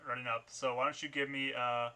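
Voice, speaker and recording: A man's voice: medium pitch, flat delivery, brisk, bright, forceful tone. A man narrating a tabletop game as game master, describing scenes with many small restarts. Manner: descriptive, with frequent fillers and restarts.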